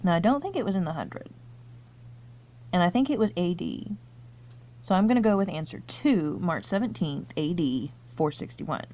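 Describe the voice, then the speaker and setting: A woman's voice: lowish voice, expressive, moderate pace, darkish tone. A woman reading quiz questions aloud and thinking through her answers in casual, chatty commentary, laughing often. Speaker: YouTuber taking online quizzes.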